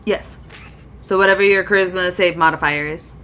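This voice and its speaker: Low-voiced woman running a dnd game, tired, laid back, slight hiss. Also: fairly even intonation, normal speed, a bit bright. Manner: casual, laughs between lines. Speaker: game master.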